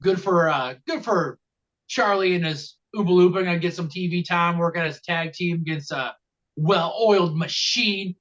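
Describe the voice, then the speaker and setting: Man, slightly high voice, rambling casual wrestling recap, lots of uh, muffled lo-fi mic. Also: normal speed. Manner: rambling with many uh fillers and deadpan jokes. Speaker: podcast co-host. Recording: dull low-quality mic.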